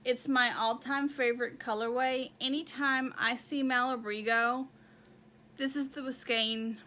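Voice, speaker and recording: Chatty high-voiced woman, slow and bright. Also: steady tone. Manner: chatty, rambling, counts stitches aloud. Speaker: knitting podcast host. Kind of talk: casual show-and-tell chat.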